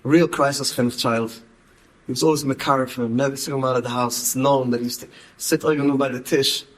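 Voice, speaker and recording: A man's voice: medium pitch, fairly even intonation, brisk, low-quality recording. A man, telling stories in a talk and repeating words for emphasis. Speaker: speaker. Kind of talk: storytelling talk.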